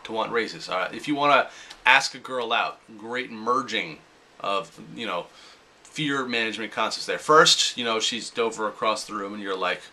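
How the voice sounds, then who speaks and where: A man's voice: fairly low pitch, lively intonation, normal speed, pushed and bright. A young adult man talking casually in a motivational vlog, often acting out his own inner voice. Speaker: vlogger.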